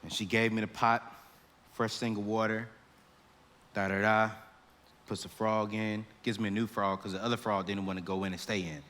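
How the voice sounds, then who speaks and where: A man giving a comedic storytelling talk to students, animated and laughing as he acts out scenes. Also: fairly low pitch, moderate pace, long pauses. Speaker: speaker to students. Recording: echoey hall.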